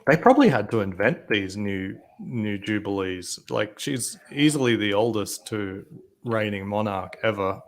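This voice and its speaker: A man's voice: lowish voice, animated. A man in casual chat, speculating and asking questions. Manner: speculative, questioning, quick asides. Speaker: podcast co-host.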